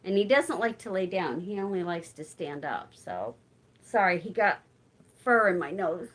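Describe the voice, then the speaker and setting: A woman's voice: fairly low pitch, lively intonation, moderate pace. A woman in her forties hosting a casual live-stream chat, answering viewers and talking to her cat. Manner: chatty, talks to her cat between replies to viewers. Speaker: channel host.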